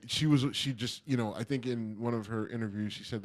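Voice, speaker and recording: A man's voice: medium pitch, fairly quick, hardly any pauses. A middle-aged man co-hosting a podcast, chatting loosely and rambling with lots of fillers. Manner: rambling, loose, lots of ums and you-knows. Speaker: podcast co-host. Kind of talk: casual podcast chat.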